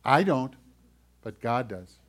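A man giving a children's sermon as pastor, gentle and playful as he talks to the kids. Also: medium pitch, sing-song, slow.

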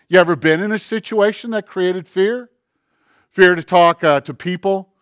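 A man preaching a sermon in an earnest, conversational way, slowing down on key phrases and acting out short bits of dialogue. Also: high voice, smooth, no room sound, clean studio sound. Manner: acts out dialogue and asides. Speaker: pastor.

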